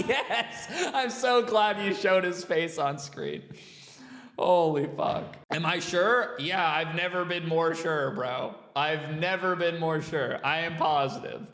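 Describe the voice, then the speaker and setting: Incredulous high-voiced man ranting. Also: slow pace, fairly bright tone, reverberant, long reverb tail. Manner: exasperated, incredulous, profane, laughing often. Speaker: host reacting to a skate video. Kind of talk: reaction commentary.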